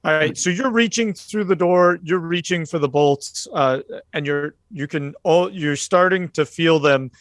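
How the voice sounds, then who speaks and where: A man's voice: fairly high pitch, measured pace, fairly bright tone, dry recording. A man running a tabletop horror game as game master, narrating loosely with many fillers.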